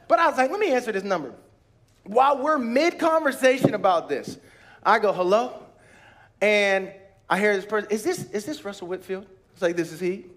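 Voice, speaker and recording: A male pastor preaching at a church retreat, telling personal stories with acted-out voices and bursts of shouted praise. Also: high voice, normal speed, pauses often.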